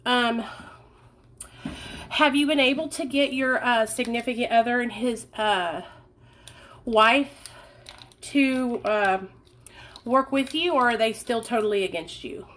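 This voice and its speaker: A woman's voice: a little high, slow pace, pauses often, fairly bright tone. Earnest woman chatting candidly to viewers. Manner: candid, earnest, many fillers and restarts. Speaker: vlogger answering viewer questions. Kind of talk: casual livestream chat.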